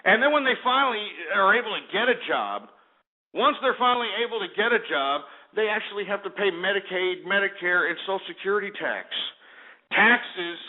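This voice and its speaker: A man's voice: sits high, animated, moderate pace. Ranting man on a tinny line. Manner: angry, profane, ranting. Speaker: radio host. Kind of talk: ranting talk radio. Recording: tinny phone-line sound.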